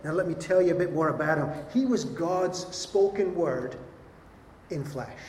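A man's voice: a little high, moderate pace, a little mellow, slight background noise. A man preaching a sermon, earnest and emphatic, often repeating his points. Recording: echoey hall with long reverb.

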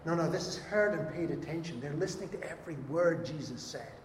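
Animated male pastor in echoey hall. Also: on the high side, a little fast, slight background noise. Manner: animated, acts out quoted voices. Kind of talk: sermon. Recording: echoey hall with faint ambience.

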